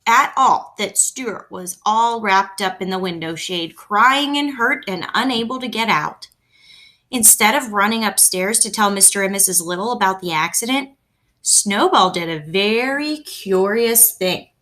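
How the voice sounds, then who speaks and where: A woman reading a children's book aloud at home, in a gentle, expressive storytelling manner. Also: medium pitch. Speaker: reader.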